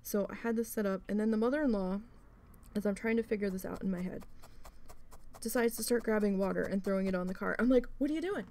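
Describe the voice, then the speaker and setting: A woman's voice: mid-range voice, steady tone, quick pace, warm tone. A woman vlogger casually telling an exasperated story as she crafts, swearing often and restarting her sentences.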